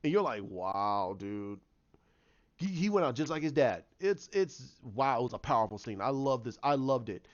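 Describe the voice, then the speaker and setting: A man casually breaking down a TV episode as a fan, excitable and acting out the characters' lines. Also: medium pitch, fairly quick, few pauses, muffled recording. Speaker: TV show reviewer.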